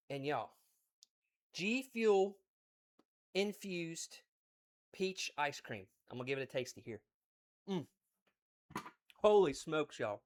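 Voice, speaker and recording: Excited Appalachian man cooking on stream. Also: on the high side, takes it slowly, long pauses. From West Virginia. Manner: folksy and exuberant, repeats phrases. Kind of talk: excited cooking livestream chat.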